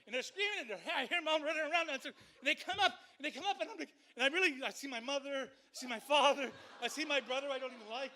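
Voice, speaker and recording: A man telling a personal story at a live story slam, animated and conversational, with frequent swearing. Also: very high voice, fast, hardly any pauses.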